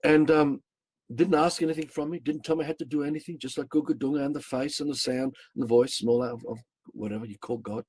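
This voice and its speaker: Aussie guy telling his spiritual story, husky, rambly, swears when he gets worked up. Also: fairly high pitch, steady tone, fast, darkish tone, no echo. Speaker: storyteller recounting spiritual experiences. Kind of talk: personal testimony, casual.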